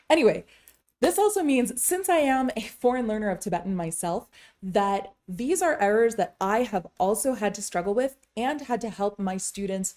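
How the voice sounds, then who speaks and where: Lady teaching tibetan sounds, mellow voice, casual and a bit wry. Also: mid-range voice. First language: English. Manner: chatty, wry asides, slows down to demonstrate crisp vowels. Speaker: Tibetan language teacher and interpreter. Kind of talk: casual language lesson to camera.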